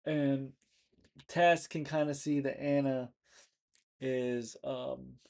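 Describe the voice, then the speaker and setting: A man's voice: mid-range voice, steady tone, takes it slowly, vocal fry, darkish tone. A man hosting a casual movie talk, recapping scenes in a rambling way with many restarts and fillers. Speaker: movie review host.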